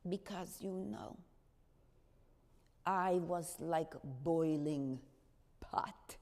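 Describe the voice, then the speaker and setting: Casual take: woman acting as a lively storyteller speaking slow and direct, big church hall ringing behind her. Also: fairly low pitch. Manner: animated, direct storytelling to an audience. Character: spirited woman recalling her wartime past. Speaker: stage actress in a one-woman show. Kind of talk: theatrical monologue. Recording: long reverb of a church hall.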